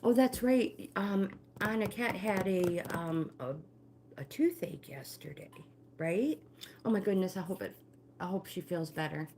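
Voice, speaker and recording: A woman's voice: fairly low pitch, lively intonation, a little slow, darkish tone, a little hiss or hum. An older woman leading a live-streamed walking workout, giving friendly exercise cues and greeting viewers by name. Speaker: fitness instructor and livestream host.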